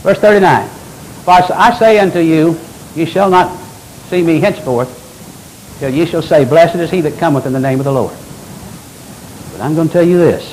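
An older man preaching a sermon as pastor, with animated delivery and folksy asides. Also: fairly high pitch, moderate pace, long pauses, a little hiss or hum, poor audio.

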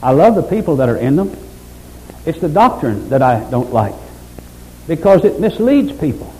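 A man preaching a sermon as pastor, building from steady teaching to fervent exhortation. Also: fairly high pitch, normal speed, a little hiss or hum, rough recording.

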